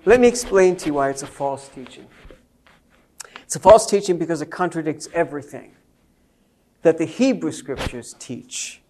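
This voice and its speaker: A man preaching a sermon to a congregation, telling a family story and building to emphatic points. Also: on the high side. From Jewish believer speaking to a congregation. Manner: storytelling, animated, rising to emphatic peaks.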